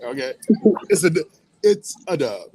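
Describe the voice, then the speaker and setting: A man hosting a casual morning radio show, telling stories in an animated way with frequent laughs. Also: high voice, unhurried, gravelly, a little hiss or hum, low-quality recording. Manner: animated storytelling, laughs and whoops often.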